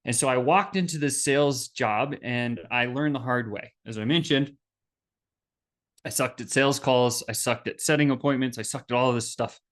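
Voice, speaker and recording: Animated man telling a sales story. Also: medium pitch, normal speed. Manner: animated, acts out quoted voices. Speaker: podcast host. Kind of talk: storytelling business talk.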